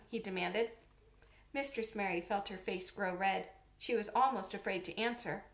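A woman reading a storybook aloud in a calm, measured way. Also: medium pitch. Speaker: audiobook reader. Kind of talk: scripted storybook narration. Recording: roomy echo.

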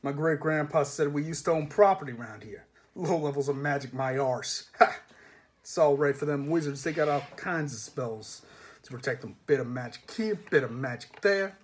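A man's voice: on the high side, normal speed, lightly acted. A man voicing a resentful working-class cart driver who mutters and grumbles in common speech. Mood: grumbling.

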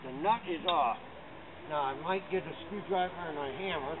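High-voiced rambling New man swearing. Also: moderate pace. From Massachusetts, USA. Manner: rambling, swears often, explains step by step. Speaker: documentary subject. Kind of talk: unscripted talk while fixing a bike pedal. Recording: harsh phone-like camera audio with loud background noise.

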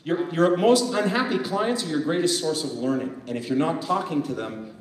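A high-voiced man from Canada gives an energetic motivational business talk, asking the audience questions and joking. His voice comes from a distance in a large, echoey hall. Long reverb trails his words. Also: normal speed. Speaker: business coach giving a talk. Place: event hall with a live audience.

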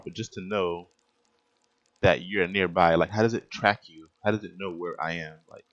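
A man's voice: low voice, steady tone, moderate pace, a bit bright, dull audio. A young man hosting a gaming channel, rambling through his let's play commentary with sudden startled outbursts and laughter.

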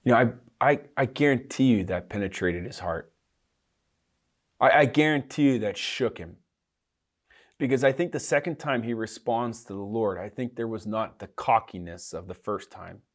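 A man preaching a conversational sermon to young adults, animated and informal, full of casual asides. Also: on the low side, normal speed. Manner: animated, casual, frequent "you know, like" asides. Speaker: pastor. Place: online livestream for young adults.

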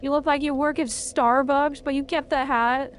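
High-voiced excitable woman streamer. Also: normal speed, a little hiss or hum. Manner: excitable, swears a lot, talks at the game. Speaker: game streamer. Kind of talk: live gameplay commentary.

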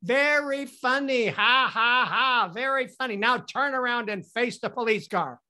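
A man voicing a stern police officer, shouting commands and mocking him sarcastically. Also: extremely high pitch, a little slow, voice pushed up, exaggerated voice. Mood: sarcastic.

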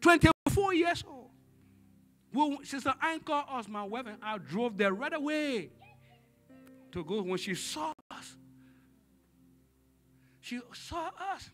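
A man preaching a sermon as pastor in a church service, dramatic, swinging from hushed tones to shouting and calling on the congregation for responses. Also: extremely high pitch, expressive, slow, pauses often, faint music behind.

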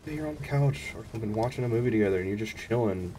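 A man streaming a video game, commenting in an excitable, profane way to himself and his chat. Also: lowish voice, racing, a little hiss or hum.

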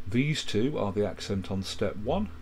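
A man calmly walking through a music software tutorial, explaining step by step with quick asides. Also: on the low side, a little hiss or hum. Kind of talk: screen-recorded software tutorial.

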